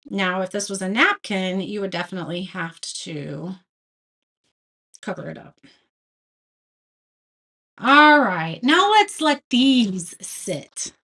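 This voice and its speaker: A woman with a medium-pitched, animated voice takes her time, pausing often, her tone pushed and bright. She hosts a live craft tutorial, chatting casually, reading viewer comments aloud, and laughing at her own mistakes.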